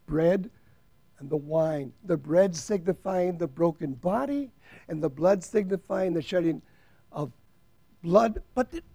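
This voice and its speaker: A man preaching a sermon to his congregation, emphatic, drawing out key words and swinging between soft asides and loud declarations. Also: sits high, vocal fry, no echo. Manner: argues with an imagined doubter in rhetorical questions.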